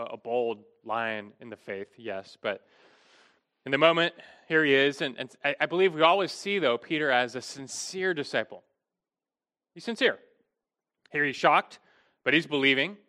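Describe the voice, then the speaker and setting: A man's voice: mid-range voice, pushed and bright. A middle-aged man preaching an expository sermon, earnest and emphatic, often restarting his phrases.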